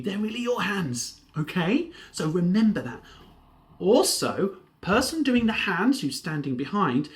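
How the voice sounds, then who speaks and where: A man teaching a drama workshop from home, with a slightly high voice that swings widely up and down. He talks playfully and slips into little character voices as he explains the game. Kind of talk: home drama lesson, playing a TV presenter.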